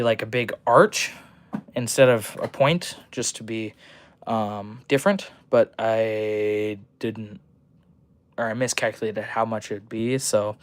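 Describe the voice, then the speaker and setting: A young man chatting casually on a livestream, rambling with lots of ums and restarts while he shows off a model he built at his workbench. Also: mid-range voice. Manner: rambling, full of ums and restarts, fast talker. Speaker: livestream host.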